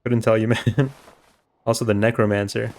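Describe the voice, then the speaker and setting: A man's voice: on the low side, level tone, normal speed, a little mellow. A man streaming a game, giving rambling, chatty commentary and swearing casually.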